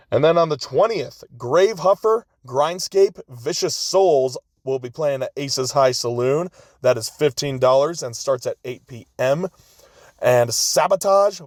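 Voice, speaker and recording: A man hosting a podcast, reading out upcoming gigs in a laid-back way with frequent chuckles and quick asides. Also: mid-range voice, darkish tone, dry recording, clean studio sound. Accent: American. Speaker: podcast host. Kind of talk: casual show listings.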